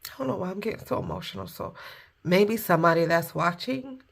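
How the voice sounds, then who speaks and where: A woman's voice: on the low side, lively intonation, a little fast, creaky, a little hiss or hum. A woman giving a casual spoken tarot reading, heartfelt and informal, with occasional cursing. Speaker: tarot reader.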